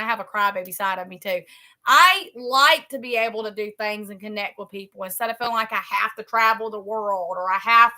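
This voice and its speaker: A woman chats on a live stream from her home, her voice high and bright. She rambles in a folksy way and often starts a phrase over. She keeps calling her viewers "y'all" as she talks to them. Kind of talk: casual live-stream chat. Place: home, a trailer.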